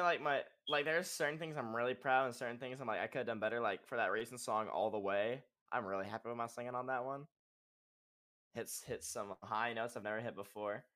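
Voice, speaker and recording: A young man, a musician guest on a podcast, talking casually and rambling with filler words and swearing. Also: bright, forceful tone. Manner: rambling, casual, swearing, demonstrates singing in high falsetto.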